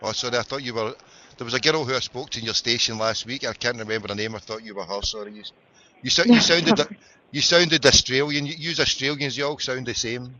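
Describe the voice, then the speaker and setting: A man's voice: mid-range voice, fast, bright, forceful tone, dull audio. A Scottish man with a Glaswegian accent hosting a casual internet radio show, chatting, swearing and joking as he goes. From Scotland. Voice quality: sweary, jokey, rambling. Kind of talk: casual live chat and phone-in.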